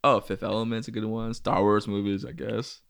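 A young man with a lowish voice chats casually about movies. He tells stories with plenty of fillers and lurches up in pitch when he gets excited. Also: normal speed, creaky, clear, resonant tone. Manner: chatty storyteller, many fillers, jumps up in pitch when excited.

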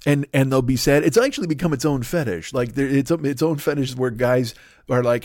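A solo comedy podcast host talks a little fast in a medium-pitched, darkish voice, captured in clean studio sound without echo. Profane and rambling, he keeps turning the jokes on himself.

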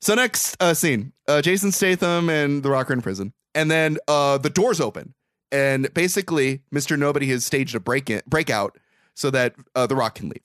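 A man co-hosting a podcast, retelling a movie in a sarcastic, animated way and swearing now and then. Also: mid-range voice, moderate pace, no room sound, studio quality. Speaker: podcast co-host. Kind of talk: casual movie recap chat.

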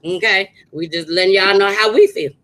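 A woman co-hosting a podcast, telling stories in a loud, animated way, swearing freely and laughing often. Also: mid-range voice, normal speed, poor audio. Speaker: podcast co-host. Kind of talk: casual chat and storytelling.

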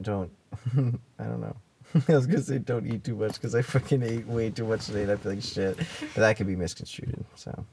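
A man's voice: on the low side, creaky, warm tone. A young man, a musical guest, chatting casually and jokingly on a podcast, often laughing.

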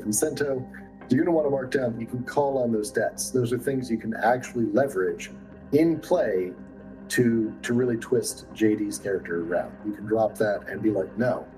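A man's voice: fairly low pitch, dark tone, low-quality recording. A man acting as game master, upbeat and joking, laughing often as he explains the rules to his players. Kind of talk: running a tabletop game.

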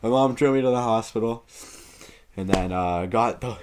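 A man's voice: mid-range voice, moderate pace, background noise. A young man on a podcast, telling a story in casual chat and laughing often. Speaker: podcast co-host.

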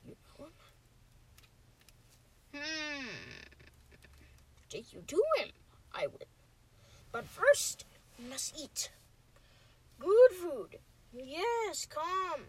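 A woman doing an impression of a small, ancient, wise male alien master, speaking in backwards word order with halting, hushed phrasing. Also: sits high, sing-song, full character voice. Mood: hushed, mysterious.

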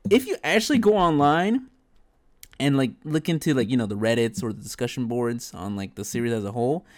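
A man's voice: mid-range voice, animated, a little fast. Hesitant, thoughtful podcast man. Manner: hesitant, lots of fillers and restarts, thoughtful. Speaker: podcast co-host. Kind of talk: casual podcast chat.

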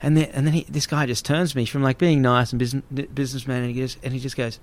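Aussie guy rambling thru a story, casual chat, middle pitch, loads of fillers. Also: level tone, very fast. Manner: rambling, many fillers and restarts.

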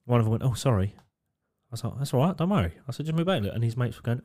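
Sweary British bloke telling door stories. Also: male voice, medium pitch, very fast. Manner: sweary storytelling, animated quotes. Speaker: podcast co-host. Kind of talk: casual chat.

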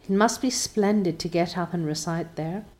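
A woman's voice: on the low side, normal speed, darkish tone, lightly acted. Woman voicing a dramatic, dreamy young girl. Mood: earnest.

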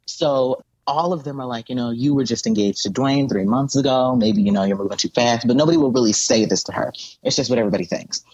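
Husky-voiced man recapping a show animatedly. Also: medium pitch, fast, no room sound, muffled recording. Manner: animated storyteller who acts out characters' voices. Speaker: podcast co-host. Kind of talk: casual chat, animated recap.

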